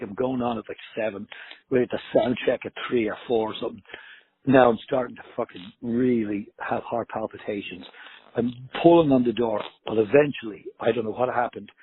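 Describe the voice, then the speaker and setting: Husky man on a tinny line. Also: medium pitch. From Ireland. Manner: animated, profane, acts out dialogue. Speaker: guest musician. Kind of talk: casual storytelling.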